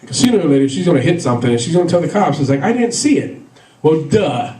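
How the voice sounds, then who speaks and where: Man, stand-up comic, rambling anecdotes, dark mellow tone, echoey room. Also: fairly high pitch, expressive, racing, far from the mic. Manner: rambling, filler-heavy storytelling with frequent laughs. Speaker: stand-up comedian. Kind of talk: stand-up comedy set.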